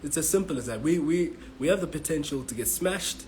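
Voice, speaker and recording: A man's voice: on the high side, animated, brisk, darkish tone, slight background noise, low-quality recording. A man from South Africa giving a frustrated, swearing match reaction as a football fan vlogger, stumbling and repeating himself. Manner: frustrated, swearing, repetitive restarts.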